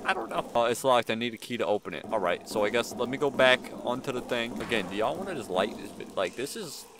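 A young gaming YouTuber chats nervously and talks to himself while playing a horror game, giving casual commentary. His medium-pitched voice is expressive and fast, with game music behind it and a noisy background.

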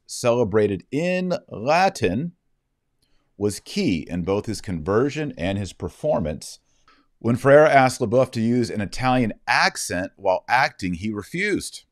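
A male host reading a news story aloud in a brisk, earnest way and adding his own commentary. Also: lowish voice, dry recording, clean studio sound.

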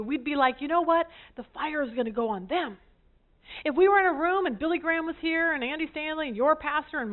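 A woman teaching a women's Bible study group, an animated storyteller with self-deprecating humor. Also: high-pitched. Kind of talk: lively teaching talk to a group. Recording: tinny phone-like sound.

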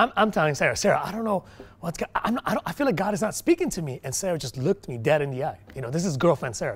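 The speaker is a man preaching, his voice dropping low and soft before rising into loud, emphatic peaks, with many false starts along the way.

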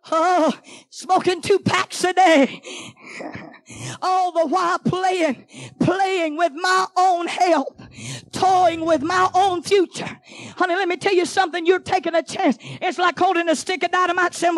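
A middle-aged woman, preaching a fiery sermon in church, shouting, chanting and throwing questions at the congregation. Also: very high voice, unhurried, pauses often, no echo. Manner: shouting, chanting, call-and-response asides. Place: church sanctuary.

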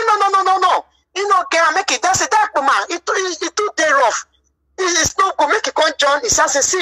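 A woman's voice: fairly high pitch, pushed and bright, poor audio. A Nigerian woman giving a rambling, defensive personal account of her marriage dispute, often repeating herself. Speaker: wife telling her side of a marriage dispute.

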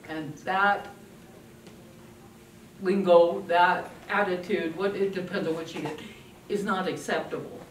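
An older woman speaks to an audience about raising children, telling animated stories and playing out what her kids said. Her voice reaches the mic from a distance in a roomy, echoing space, with faint noise under it. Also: lowish voice, measured pace, pauses often. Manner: lively storytelling, acting out quoted family voices. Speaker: parenting speaker. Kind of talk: talk to an audience.

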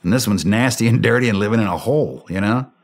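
During a podcast interview, a middle-aged man who was a special operations soldier relates a war story, voicing the dialogue in a blunt, animated manner. He speaks on the low side at a quick pace.

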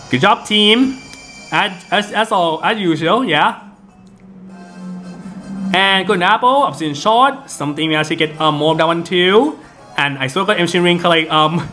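Male gameplay commentator, slightly high voice, rambling casual delivery with frequent restarts. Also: bright, forceful tone. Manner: rambling with many fillers and restarts. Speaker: gaming video host. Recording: game music in the background.

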